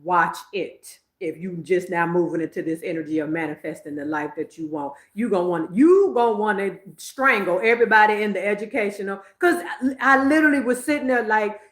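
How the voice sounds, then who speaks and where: A woman's voice: mid-range voice, fairly quick, few pauses, reverberant. A woman, hosting a psychic livestream in casual, emphatic chat, laughing often. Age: 50s.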